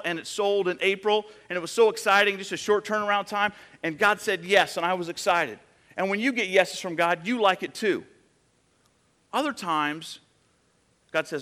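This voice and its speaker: A man's voice: high voice, normal speed, bright, forceful tone. A man in his thirties preaching a sermon, telling stories and acting out quoted voices in a conversational way. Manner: conversational storytelling with acted quotes. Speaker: pastor.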